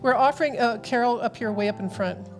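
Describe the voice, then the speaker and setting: A woman leading a church service, giving welcomes and announcements to the congregation in a measured, welcoming way. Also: a little high, music in the background. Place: church sanctuary.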